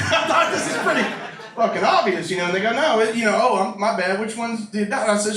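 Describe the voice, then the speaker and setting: A man's voice: high-pitched, fast, fairly bright tone, a little hiss or hum. A man performing a stand-up comedy set in a club with a brash, profane, riffing manner. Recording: roomy live club recording from a distance. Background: audience laughter and room ambience.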